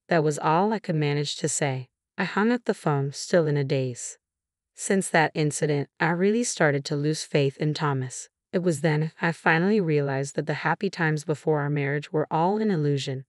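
A woman with a low voice reads a first-person story aloud at an even, steady pace. The sound is dry and close, with no room echo. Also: moderate pace. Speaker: narrator.

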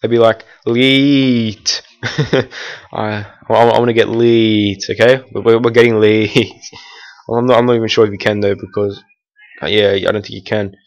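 Teenage guy, gameplay commentary, rambling, slightly low voice. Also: little pitch movement, moderate pace. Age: teens. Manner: rambling, full of fillers and restarts; erupts in annoyed outbursts at the game.

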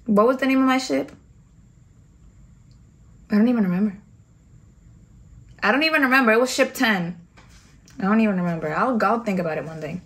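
A woman's voice: medium pitch, brisk, long pauses, husky. A young adult woman vlogger from the United States recounts her Navy boot camp days in a casual storytime, talking in a slangy, candid and profane way.

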